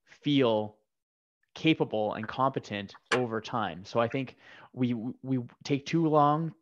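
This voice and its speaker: A man's voice: medium pitch, slow pace, noisy background. A man hosting a casual podcast interview, often restarting sentences as he searches for words. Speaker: podcast host. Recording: slightly dull lo-fi audio.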